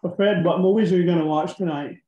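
A man's voice: sits high, fast talker, mellow. A man chairing a town board meeting in an easygoing way, calling votes plainly. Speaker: selectboard chair. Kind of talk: casual meeting talk. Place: town office meeting room. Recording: dull, roomy meeting recording.

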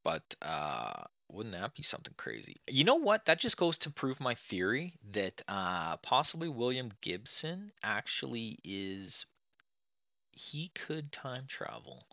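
A man hosting a let's play, chatting to viewers in a chatty, excitable way as he plays an old computer game. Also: medium pitch, measured pace, vocal fry, no room sound, highs cut off. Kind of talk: casual game commentary.

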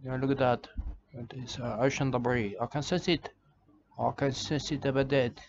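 Rambling man, halting deadpan. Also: mid-range voice. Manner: halting, full of "uh" and restarts, says "mate". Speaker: comedic character monologue. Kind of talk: rambling deadpan comic monologue. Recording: slightly dull lo-fi sound with faint background noise.

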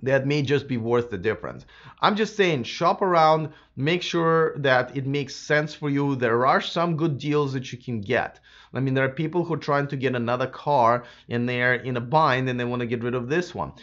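Man, slightly hoarse, casual rambling talk, mid-pitched, dull lo-fi stream sound. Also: moderate pace, fairly bright tone. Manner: rambling, many fillers and restarts. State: slightly hoarse from a sore throat. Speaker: livestream host. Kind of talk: casual live Q&A chat.

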